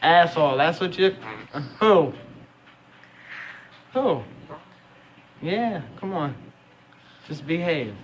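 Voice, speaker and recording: A woman's voice: low-pitched, expressive, very slow, long pauses, dull audio. A woman talking casually to her pet bird at home at night, scolding it and cooing at it by turns, with frequent laughs. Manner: scolding yet affectionate, laughing often. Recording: noisy home video recording.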